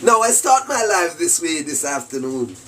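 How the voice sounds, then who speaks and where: A man's voice: a little high, very animated, moderate pace, bright, forceful tone, distant mic. A Jamaican man giving a rambling, preachy monologue full of rhetorical questions and mocking laughter. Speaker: self-styled spiritual commentator.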